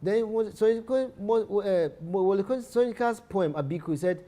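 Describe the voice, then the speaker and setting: A man lectures on literature in a slightly high voice. He repeats each key phrase and often breaks off to restart a sentence. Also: normal speed, few pauses, dark tone. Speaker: literature teacher.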